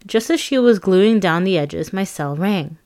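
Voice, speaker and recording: Lively woman narrating her memoir. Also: mid-range voice, measured pace. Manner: conversational, lively, self-mocking. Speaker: author reading her own memoir.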